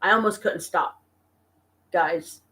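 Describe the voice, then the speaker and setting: An exhausted, stressed woman venting to her viewers in a casual live-stream chat from her apartment, talking slowly and haltingly. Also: fairly low pitch, pushed and bright. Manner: weary, venting, slow and halting. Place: home apartment.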